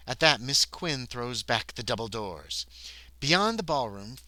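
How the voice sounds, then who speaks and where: A man's voice: medium pitch, expressive, unhurried, bright, forceful tone, no echo, low-quality recording. A man playing a solo tabletop horror scenario on a livestream, reading the text aloud and breaking off into muttered asides. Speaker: solo tabletop game player and narrator.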